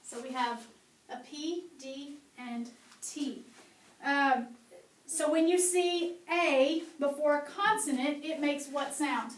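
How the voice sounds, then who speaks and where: A woman's voice: high voice, takes it slowly. A woman teaching a classroom phonics and handwriting lesson, patiently quizzing her students and modeling sounds. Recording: echoey room, mic far off, faint hum.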